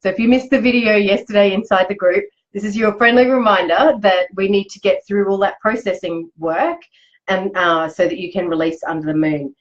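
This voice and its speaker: A woman's voice: mid-range voice, steady tone, a little fast, dull audio. A woman, hosting a chatty, upbeat live motivational talk. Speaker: host. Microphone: live video stream.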